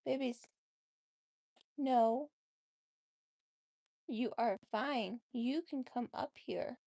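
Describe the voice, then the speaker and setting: Woman vlogger, giggly, coaxing pets in baby talk, slow and lilting, dry close sound. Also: on the high side, vocal fry, dark tone, dry recording. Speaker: vlogger, cat owner. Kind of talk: casual chat with her pets.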